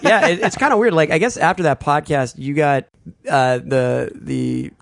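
A man's voice: on the high side, very animated, moderate pace, a bit bright, no room sound, studio quality. A man co-hosting a podcast, joking in casual banter and stumbling over restarts. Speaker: podcast co-host.

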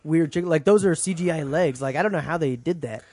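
A man's voice: fairly high pitch, a little fast, darkish tone, no echo, clean studio sound. A man co-hosting a podcast in casual chat, rambling with many fillers. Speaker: podcast co-host.

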